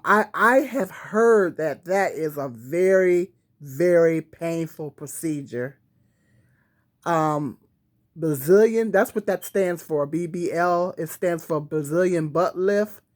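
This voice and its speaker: A woman talking casually to camera on a tripod, rambling with many fillers and restarts. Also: fairly low pitch. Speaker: vlogger. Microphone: phone or camera on a tripod.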